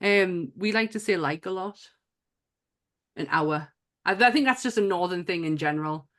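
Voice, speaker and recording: A woman's voice: on the low side, normal speed, fairly bright tone. A woman from Sunderland with a Mackem accent, co-hosting a podcast in casual, laughing chat and swearing freely. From Sunderland, northeast England. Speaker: podcast co-host.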